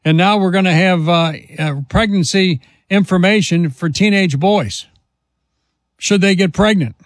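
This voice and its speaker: A man's voice: high voice, measured pace, no echo. Indignant talk radio host man. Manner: indignant, emphatic, mocking.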